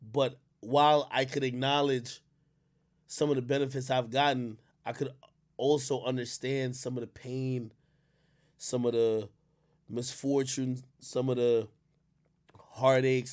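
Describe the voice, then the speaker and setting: Profane man ranting on stream. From Jamaica. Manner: animated, profane, swings from loud rants to low muttering. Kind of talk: ranting livestream commentary.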